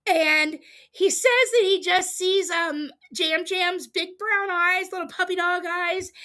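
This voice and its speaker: Woman host, bright and high-pitched, chatty recap style with frequent fillers and giggles. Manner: chatty, laughs often, many ums, amused asides. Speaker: podcast host recapping a reality show. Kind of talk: casual livestream recap. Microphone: streaming setup, close mic.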